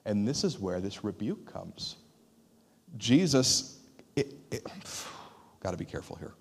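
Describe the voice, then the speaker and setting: A man preaching a sermon as pastor, in an animated, conversational way. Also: lowish voice, measured pace, gravelly, pauses often, breathy edge. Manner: animated, conversational, acts out quoted voices.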